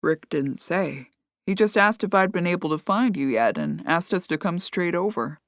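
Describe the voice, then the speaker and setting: A woman voicing a gentle, somewhat hesitant man breaking bad news in an audiobook. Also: fairly low pitch, sing-song, moderate pace, no room sound, clean studio sound.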